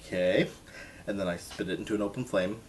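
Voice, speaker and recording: Deep-voiced man telling a jokey story. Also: brisk, slight background noise. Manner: jokey, self-mocking, lively retelling. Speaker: vlogger. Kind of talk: casual storytelling to camera.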